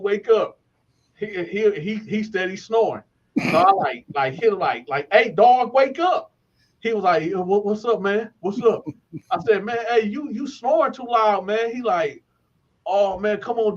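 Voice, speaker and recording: A man's voice: high-pitched, dull audio. A man from Flint telling stories in a casual way, laughing often and acting out other people's voices. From Flint, Michigan. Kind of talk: casual storytelling.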